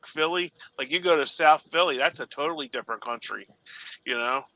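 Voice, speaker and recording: A man from South Jersey chatting casually on a podcast, animated and playfully mimicking local accents. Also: fairly high pitch, a little fast, no echo. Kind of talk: casual movie chat.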